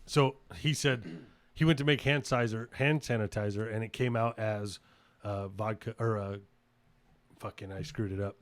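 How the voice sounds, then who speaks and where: A man's voice: fairly low pitch, fairly even intonation, normal speed, no room sound. A man co-hosting an off-road podcast in casual, blunt chat, swearing easily and telling stories. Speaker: podcast co-host.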